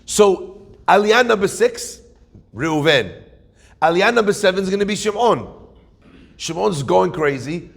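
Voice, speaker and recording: A rabbi telling a story in a sermon, animated, acting out characters with punchy asides. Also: male voice, high-pitched, a little slow, creaky, pauses often.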